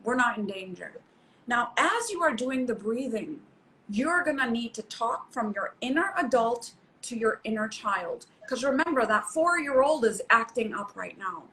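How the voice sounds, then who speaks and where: A middle-aged woman psychologist, speaking as a guest, explains in an emphatic, coaching manner and repeats herself for stress. Her fairly high, sharp-toned voice is animated at a normal speed, captured on a low-quality recording with slight background noise.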